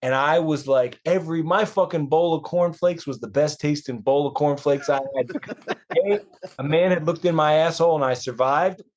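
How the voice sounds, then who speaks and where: A man's voice: on the high side, normal speed. A man, a band member on a podcast, telling a crude comic story with plenty of swearing. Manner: profane, animated anecdote telling.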